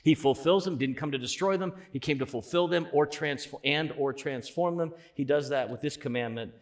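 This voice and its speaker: A man's voice: a little high, a little fast. Man preaching with rising emphasis. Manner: conversational preaching, swells loud on key points. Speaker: pastor. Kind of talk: sermon.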